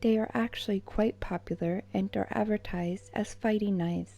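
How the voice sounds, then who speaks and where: A woman whispering a true crime account as a soft-spoken ASMR narrator. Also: medium pitch, fairly even intonation, vocal fry. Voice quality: unvoiced whisper. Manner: soft-spoken, measured storytelling.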